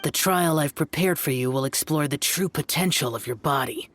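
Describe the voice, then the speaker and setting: A man's voice: a little high, moderate pace, fairly bright tone, lightly acted. A man voicing a cold, stern guardian spirit. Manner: cold, lecturing, curt. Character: stern aloof young male guardian spirit. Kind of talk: video game voice acting. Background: game music.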